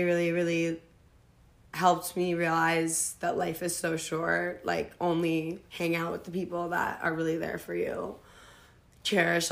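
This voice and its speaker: A woman's voice: fairly low pitch, creaky, fairly bright tone. A young woman talking as a guest in a casual, heartfelt chat, with lots of "like" fillers. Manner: heartfelt, says "like" a lot.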